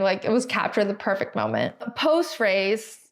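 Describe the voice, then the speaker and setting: A young woman co-hosts a podcast, chatting casually and giggling, with "like" filling her sentences. Her voice is fairly high and her pace moderate.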